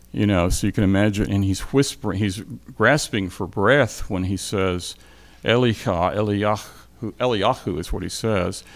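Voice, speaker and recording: A man giving an informal Bible lecture to a class, speaking thoughtfully with many pauses, restarts and fillers. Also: sits low, creaky. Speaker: Bible teacher.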